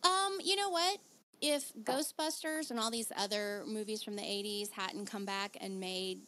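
A woman hosting a podcast in casual, animated chat, laughing easily as she talks. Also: medium pitch, slight background noise. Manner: chatty, animated, quick laughs. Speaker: podcast host.

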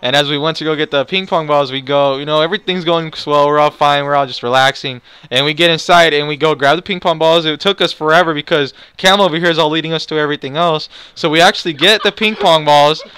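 A man's voice: on the high side, fast, few pauses, pushed and bright, clear, resonant tone, no room sound. A young man casually retelling a story to friends and viewers, rambling and profane, with lots of restarts. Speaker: storyteller, channel host.

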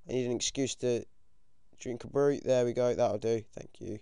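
A British teenage boy giving casual, excitable commentary over his own game, swearing often and yelping when things go wrong. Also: medium pitch, normal speed, clear, resonant tone, no room sound, clean studio sound. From United Kingdom. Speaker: gaming commentator.

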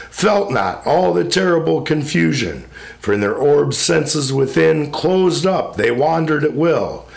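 A man recites epic verse with a gravelly, mid-pitched voice. His delivery is solemn and measured, each line carried in a steady rhythm.

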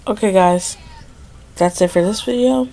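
A woman's voice: mid-range voice, measured pace, creaky, mellow. A young woman giving casual gameplay commentary, dramatic and pleading, complaining that luck is against her. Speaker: gaming video creator.

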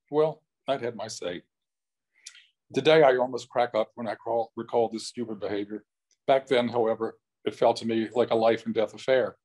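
A man reading his own translation of a novel aloud at a live event, measured and thoughtful, with brief asides to the audience. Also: medium pitch, darkish tone. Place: small venue in front of an audience.

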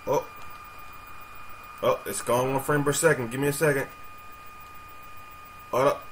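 A man's voice: mid-range voice, steady tone, a little slow, fairly bright tone, a little hiss or hum. A young man commenting on a horror game as he plays, nervous and jumpy, swearing often. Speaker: gaming youtuber. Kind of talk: let's play commentary.

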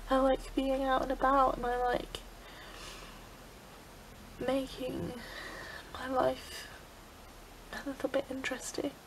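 On a rough recording with a crowd in the background, a young English woman vlogs tearfully in a high voice, speaking slowly with frequent pauses and a completely flat delivery. The young adult is crying in this emotional confessional, using "like" again and again.

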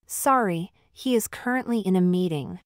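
Smooth woman reading practice phrases. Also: mid-range voice, animated, normal speed, no echo, clean studio sound. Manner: repeats each phrase twice, evenly. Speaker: English phrase speaker. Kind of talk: slow, clear phrase reading for learners.

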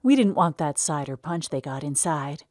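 A woman voicing a sassy, quick-witted young woman at a country dance. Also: low-pitched, animated, darkish tone, no echo, studio quality.

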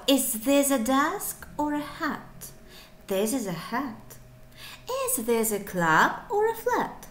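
A woman's voice: a little high, pushed and bright, roomy sound. A woman teaching a beginner English lesson, encouraging and playful, breaking into little asides. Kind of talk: online language lesson.

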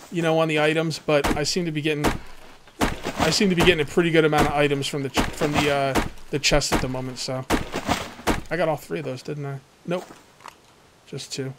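A man's voice: on the high side, a bit bright, a little hiss or hum. A man hosting a let's play, giving casual, rambling gameplay commentary and talking straight to his viewers.

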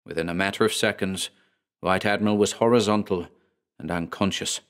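A man narrating a scripted horror story with a measured, dramatic delivery. His voice sits on the lower side. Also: fairly even intonation.

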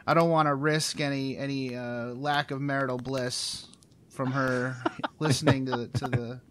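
A man's voice: mid-range voice, little pitch movement, moderate pace, a bit bright. A man hosting a podcast in casual chat, talking enthusiastically with rambling restarts and frequent laughter. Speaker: podcast host.

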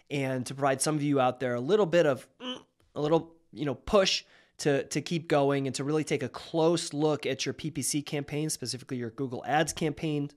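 A man who founded a marketing agency, hosting a conversational explainer, sounding nasal and a little raspy after being sick. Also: on the high side, a little hiss or hum. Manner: energetic, conversational, with fillers. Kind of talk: direct-to-camera explainer.

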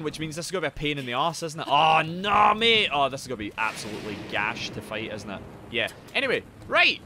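A man doing live gameplay commentary as a streamer, swearing and yelling at the game as he chats. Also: medium pitch. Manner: sweary, excitable, yells at the game.

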